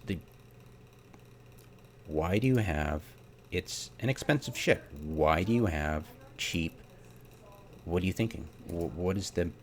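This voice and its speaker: Deep gravelly man ranting casually. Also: slight background noise. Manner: exasperated, rhetorical questions, many ums. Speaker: game theorycrafter. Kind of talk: casual ranting commentary over gameplay.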